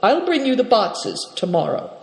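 A crafty, good-humoured male trader, bargaining with sly courtesy and a lively, bouncing delivery, put on by a storybook reader. The voice sits higher than the reader's own. It rings in a reverberant room with a long tail. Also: moderate pace, creaky. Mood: sly, genial. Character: shrewd, jovial male trader host.

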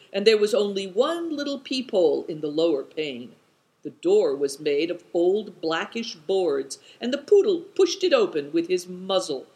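An audiobook narrator reading an adventure tale. The delivery is measured and descriptive, and the pitch rises and falls expressively. The voice sits in a middle register. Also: darkish tone, poor audio.

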